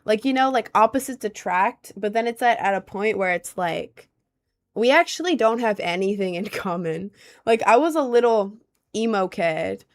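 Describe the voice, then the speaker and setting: A woman's voice: medium pitch, animated, normal speed. A young woman streaming casually, answering viewer questions in a rambling way, filled with "like" and "um". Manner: rambling, heavy use of "like" and "um".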